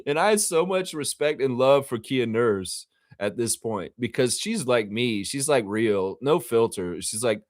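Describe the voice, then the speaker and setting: A man's voice: mid-range voice, a little slow, dry recording, studio quality. A man hosting a live fan reaction stream, talking casually and animatedly and acting out quotes, with the odd swear word. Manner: animated, chatty, acts out quotes. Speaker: fan channel host.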